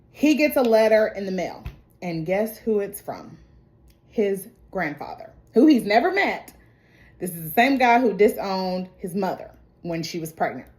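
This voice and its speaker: A woman's voice: mid-range voice, animated, a little slow, a little mellow. A woman talks through a film's plot in a loose, chatty way. She laughs often and slips into the characters' lines as she goes. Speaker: movie reviewer. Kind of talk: casual movie recap.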